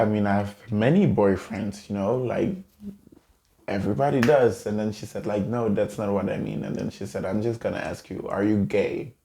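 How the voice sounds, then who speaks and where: Young man, tearful, halting, gravelly low voice, mellow tone. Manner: choked up, halting, fighting back tears. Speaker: vlogger. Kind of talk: emotional personal storytelling. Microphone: camera mic, seated in a chair.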